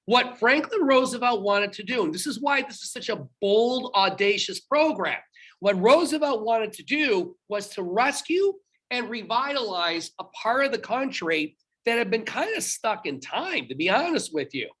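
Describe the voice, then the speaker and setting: A man's voice: sits high, sing-song, normal speed, a bit bright, breathy edge. A man teaching history in a recorded online lecture to his students, talking in a conversational, emphatic way and correcting himself aloud as he goes, recorded on a laptop.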